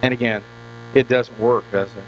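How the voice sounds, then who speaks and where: A pastor preaching a conversational sermon in a church, often repeating words and asking the congregation questions. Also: male voice, medium pitch, fairly even intonation, normal speed. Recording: dull lo-fi recording with mains hum.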